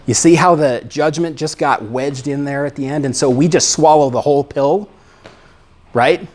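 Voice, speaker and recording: A man's voice: fairly high pitch, moderate pace, a little mellow. A middle-aged man, a psychologist, giving a conversational lecture and often checking in with "right?" and "okay?". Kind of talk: lecture talk.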